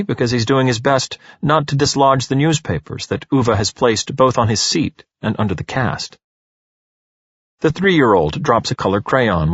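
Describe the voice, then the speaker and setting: A man narrating an audiobook in an expressive, animated storytelling manner. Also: on the low side, husky, no echo, muffled recording.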